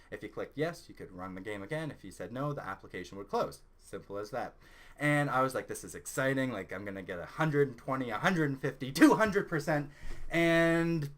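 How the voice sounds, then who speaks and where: Young man, Canadian accent, casual vlog storytelling, animated, mid-range voice. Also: mid-range voice. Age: young adult. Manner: animated, excitable storyteller who rises loud when indignant. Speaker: channel host.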